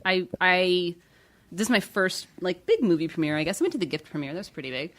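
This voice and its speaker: A woman's voice: lowish voice, fast, fairly bright tone. A woman chatting as a podcast guest, laughing often and trailing off with fillers. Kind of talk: casual chat.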